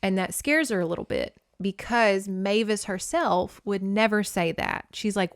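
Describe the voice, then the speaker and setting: Young woman podcast host, frank and opinionated, smooth clear voice, dry close sound. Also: medium pitch, a little slow, few pauses, dry recording. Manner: candid, opinionated, swears freely. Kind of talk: casual book recap.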